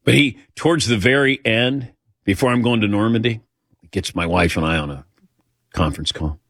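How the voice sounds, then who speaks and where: A middle-aged man with a low voice tells a long personal story on a talk show. He rambles and acts out the quoted dialogue, recorded dry and close to the mic. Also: normal speed, a bit bright, no room sound.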